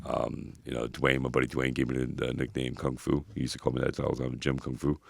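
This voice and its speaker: A man co-hosting a podcast, telling rambling, animated stories full of filler words. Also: extremely low pitch, fast talker, creaky. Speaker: podcast co-host. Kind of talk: casual storytelling chat.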